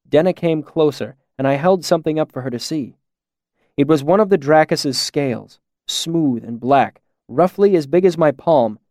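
Dry, measured male storyteller. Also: medium pitch, a little mellow, no room sound. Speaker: audiobook narrator. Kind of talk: scripted narration.

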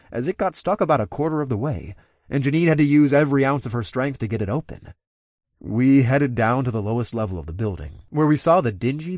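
A man narrates a first-person audiobook in a steady, conversational way. His voice sits in an ordinary middle pitch. The recording is dry and close, with no room sound. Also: dry recording.

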